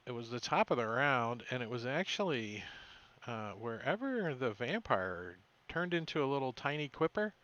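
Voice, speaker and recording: A man running a tabletop game as game master, recapping the session in a halting way with many fillers and self-corrections. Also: medium pitch, very animated, a bit bright, dull audio.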